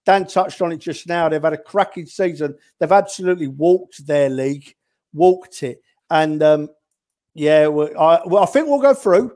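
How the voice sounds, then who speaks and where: A man's voice: on the high side, lively intonation, moderate pace, warm tone. A man, a regular on a fan podcast, rambling and teasing his co-host with slang. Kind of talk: casual banter.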